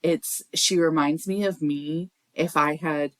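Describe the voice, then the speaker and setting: A woman's voice: deep voice, slow pace, no echo. A woman co-hosting a library podcast, telling stories in casual chat and slipping into playful voices. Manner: animated storyteller, slips into playful voices.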